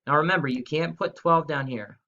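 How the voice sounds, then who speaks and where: A man's voice: on the high side, a little fast, pushed and bright, highs cut off. A young man teaching a video lesson to schoolchildren in an upbeat, chatty way, talking straight to the kids. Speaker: third-grade teacher.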